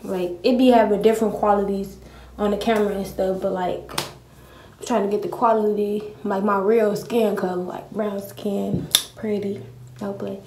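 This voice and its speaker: Filming a get-ready-with-me vlog in her bedroom on her phone, a young woman talks directly to her viewers in a chatty, slangy way. She has a mid-range voice with fairly even intonation and a normal pace, and there's background noise.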